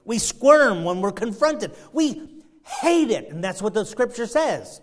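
Male pastor with a high voice, fervent sermon delivery, loud peaks and hushed asides. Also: big pitch swings, a little slow. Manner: fervent, swings between loud emphasis and quiet asides.

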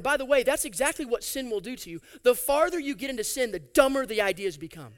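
A man preaching a sermon, reading scripture aloud and adding animated, sarcastic asides. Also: very high voice, quick pace, few pauses. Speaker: pastor.

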